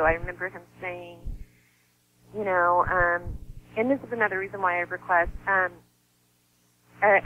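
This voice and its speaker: A woman guest speaking in a soft, heartfelt way in a conversational interview, with sighs and small laughs. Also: mid-range voice. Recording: slightly dull sound with faint noise.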